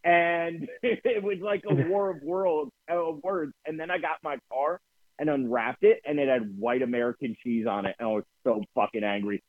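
Animated, cursing man. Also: a little high, moderate pace, no room sound. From New Jersey. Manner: animated storytelling, swears freely. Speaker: podcast co-host. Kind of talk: casual chat. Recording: dry, phone-like lo-fi sound.

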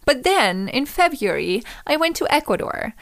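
A woman's voice: high-pitched, big pitch swings, normal speed, no room sound, clean studio sound. Reflective young woman from Austria. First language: German. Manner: reflective, gently chatty, laughs between thoughts. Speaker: podcast host. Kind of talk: solo podcast monologue.

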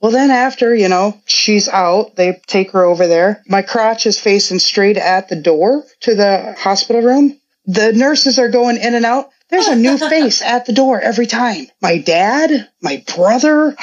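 A woman's voice: mid-range voice, unhurried, muffled recording. A middle-aged woman, a podcast guest, telling a long story in casual chat, chatty and often laughing. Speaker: podcast guest, mother of a co-host.

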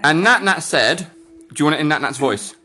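A young man with a slightly higher-than-usual voice hosts a podcast in easy, casual chat. He jokes constantly, teases his guest and pokes fun at himself. His talk is loose and full of small restarts. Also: lively intonation, a little fast, bright, forceful tone. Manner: joking, self-mocking, teasing. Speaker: podcast host.

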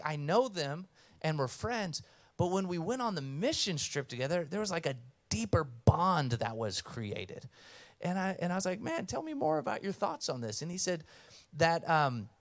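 A man preaching a sermon as pastor, conversational and earnest, telling stories and reading scripture. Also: fairly high pitch.

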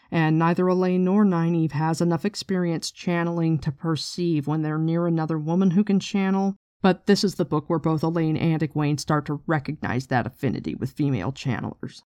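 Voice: medium pitch, darkish tone, no room sound, studio quality. A podcast host in a casual book discussion, chatty and irreverent, swearing casually.

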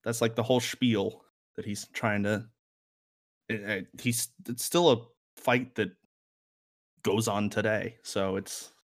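Laid-back low-voiced man chatting about songs. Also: fairly even intonation, slow pace. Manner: rambling, filler-heavy, wry. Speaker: music podcast co-host. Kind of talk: casual music review chat.

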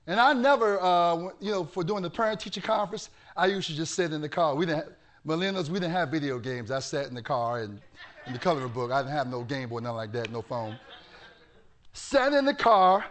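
A male pastor preaching a sermon with animated storytelling that bursts into shouting. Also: high voice, brisk.

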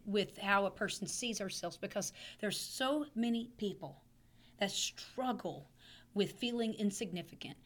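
A woman pastor talks on a podcast with a voice made hoarse by laryngitis. She teaches in a loose, chatty way, repeating words and clearing her throat. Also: mid-range voice, a little slow. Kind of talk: casual teaching chat.

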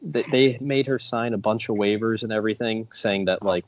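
Man, podcast guest, fairly low voice, matter-of-fact, muffled lo-fi audio. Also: fairly quick, few pauses. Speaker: podcast guest, performance shop owner. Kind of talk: casual podcast chat.

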